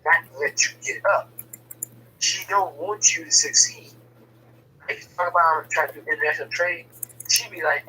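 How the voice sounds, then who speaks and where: A man's voice: a little high, steady tone, moderate pace, pauses often, bright, forceful tone, distant mic, a little hiss or hum, poor audio. A man telling a personal story in casual, blunt, profane talk, often stumbling and repeating words as he starts a sentence.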